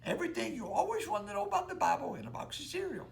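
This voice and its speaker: A goofy, laid-back cartoon slacker, as a performer puts him on, hosting a children's puppet show in a very high, lively, bouncing voice. He rambles and frets, and his tone is bright and edged with a gravelly crackle. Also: rapid-fire, exaggerated voice. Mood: friendly. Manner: rambling, drawling, easily flustered. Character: goofy laid-back young man cartoon character, Shaggy.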